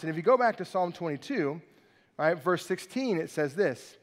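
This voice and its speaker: A man's voice: a little high, expressive, moderate pace. A male pastor preaching a sermon, reading scripture aloud and acting out the mockers in a raised voice. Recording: long hall reverb.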